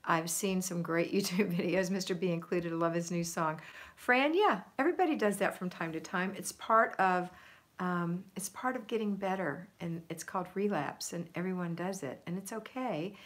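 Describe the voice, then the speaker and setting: A chatty woman hosts a casual live stream from home. She reads viewer comments aloud, laughs easily and talks warmly to her audience through a phone or webcam. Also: fairly low pitch, normal speed. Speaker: livestream host.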